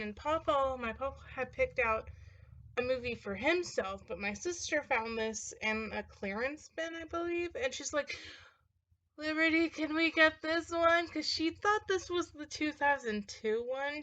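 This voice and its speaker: A woman's voice: on the high side, bright, forceful tone, dull audio. A young woman chatting casually in a vlog, rambling with lots of fillers and little laughs as she talks. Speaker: vlogger showing a movie collection. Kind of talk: casual chat.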